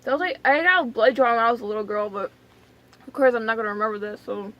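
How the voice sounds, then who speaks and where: A young woman with a high voice tells a story to the camera in a loose, rambling way. She trips over fillers and restarts, and her voice often drops to a soft, emotional near-whisper. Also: fast, lo-fi sound. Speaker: vlogger.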